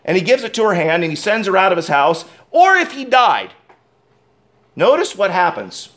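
A man with a high voice preaches a sermon. His delivery swings between sharp, loud emphasis and low, hushed asides, and he keeps turning to his listeners with direct questions. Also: big pitch swings, moderate pace. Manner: asks the congregation direct questions. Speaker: pastor.

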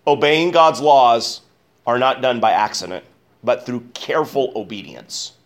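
Preaching a little slowly in church, a male pastor speaks emphatically, lifting his voice on key words and letting it fall low. He poses questions to the congregation.

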